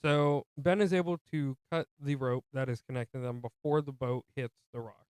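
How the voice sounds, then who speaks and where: A man's voice: mid-range voice, steady tone, moderate pace, darkish tone, smooth, no room sound. A man co-hosting a movie podcast, casually retelling the plot with jokey asides. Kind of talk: casual film recap chat.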